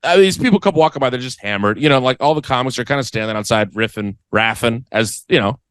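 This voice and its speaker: A man on a comedy podcast tells a story in a loose, chatty way and jumps into other people's voices as he goes. His pitch swings widely when he does the voices. The sound is dry and close, with no room echo. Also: fast talker, a bit bright, clean tone. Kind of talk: casual chat, storytelling. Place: podcast studio.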